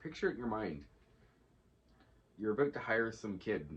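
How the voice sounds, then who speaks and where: A man's voice: on the low side, very animated, normal speed, pauses often, a little hiss or hum. A man co-hosting a casual podcast chat, making dry, blunt remarks. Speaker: podcast co-host. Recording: dull lo-fi sound.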